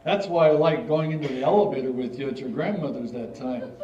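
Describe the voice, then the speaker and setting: A man's voice: mid-range voice, brisk, distant mic, a crowd in the background, natural voice. An older man in a staged reading, playing an earnest, slightly formal schoolboy writing letters. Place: stage in a hall. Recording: dull, roomy hall recording from afar.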